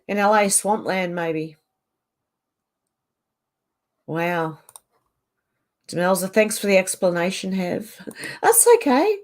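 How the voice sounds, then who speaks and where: A woman's voice: fairly low pitch, steady tone, unhurried. A middle-aged Australian woman chatting casually from her home on a livestream, reading out and answering viewer comments. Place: home on a mountain.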